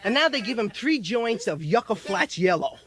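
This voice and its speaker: Rambling young stand-up comic, lively pitch. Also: male voice, normal speed. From United States. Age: 20s. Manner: rambling, riffing with many "you know"s. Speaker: stand-up comedian. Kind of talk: stand-up comedy. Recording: noisy vintage vinyl album.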